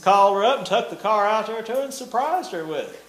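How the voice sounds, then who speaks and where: High-voiced older man preaching. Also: expressive, fast, fairly bright tone. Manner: folksy storytelling with laughs and nonstandard grammar. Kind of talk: testimony sermon. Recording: echoey room.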